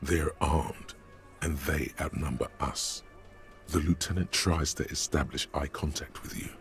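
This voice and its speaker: An actor voicing a game's calm, commanding inner narrator in scripted narration, played from the game audio. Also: male voice, very deep voice, unhurried, soft background music. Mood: steady.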